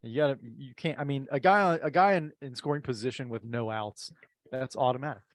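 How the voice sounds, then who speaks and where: A man chatting casually as co-host, laid-back with quick agreeable replies. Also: mid-range voice, dry recording. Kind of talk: casual chat.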